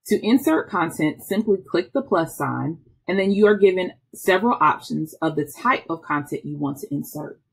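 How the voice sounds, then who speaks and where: Low husky-voiced woman giving a tutorial. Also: animated, normal speed, few pauses. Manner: patient step-by-step explaining with small restarts. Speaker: instructional technology trainer. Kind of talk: screen-recorded software tutorial.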